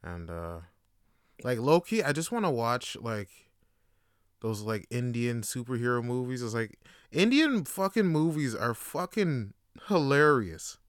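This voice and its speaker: A young man hosting a casual solo podcast, telling slangy, animated stories and laughing often. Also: medium pitch, measured pace, smooth, dry recording, clean studio sound. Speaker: podcast host.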